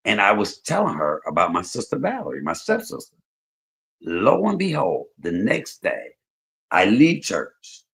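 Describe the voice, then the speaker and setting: A man hosting a livestream, telling stories in casual chat, swinging between loud and soft. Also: fairly low pitch. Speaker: livestream host.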